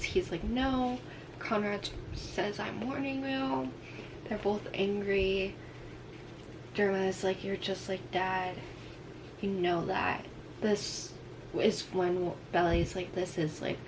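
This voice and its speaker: A woman casually recapping a novel chapter by chapter, acting out the characters' lines with "he's like" and "she's like.". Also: mid-range voice. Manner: retells scenes in quotes, "she's like". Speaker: book reviewer. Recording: noisy background hiss.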